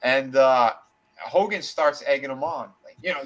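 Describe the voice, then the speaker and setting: A co-host of an easygoing wrestling podcast, this man speaks at a moderate pace in a mid-range, somewhat bright voice. He rambles through an extended story, restarting often, using fillers, and swearing casually, all on a rough recording.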